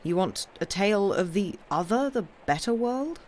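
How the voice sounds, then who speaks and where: A woman reading as a weary, steady naval officer. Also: medium pitch, normal speed, a little hiss or hum, voice pushed up, close to an everyday voice. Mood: dry. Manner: steady, dry, faintly mocking.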